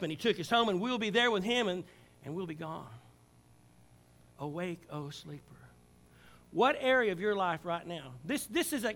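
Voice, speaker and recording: A pastor, older, preaching a Sunday sermon that swings from loud calls to hushed, low passages. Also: male voice.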